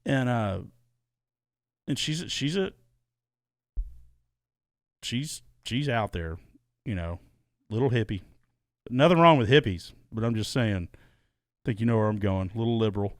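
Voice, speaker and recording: Brief: male podcast co-host, lively swooping delivery, stumbling restarts, dry close sound. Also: lowish voice, a little slow, pauses often, no echo. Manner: rambling, animated, repeats and restarts words. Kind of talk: casual podcast chat. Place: small soundproofed home studio.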